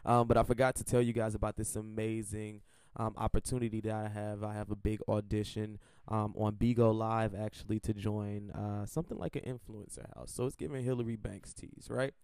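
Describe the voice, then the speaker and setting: Podcast host guy, smooth clean voice, dry close sound, chatty plug-the-socials vibe. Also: on the low side, flat delivery, brisk, darkish tone, no room sound. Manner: chatty, self-promoting, slangy. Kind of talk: casual podcast promo chat.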